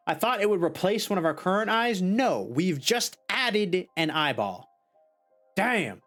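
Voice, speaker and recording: A streamer giving casual let's-play commentary, chatty and thinking out loud with many restarts. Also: mid-range voice.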